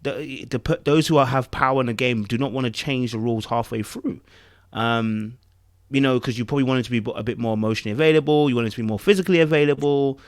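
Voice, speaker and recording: A man's voice: medium pitch, fast talker, clear, resonant tone, dry recording, studio quality. A man co-hosting a casual review podcast, thinking aloud with rhetorical asides and frequent restarts. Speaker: podcast co-host.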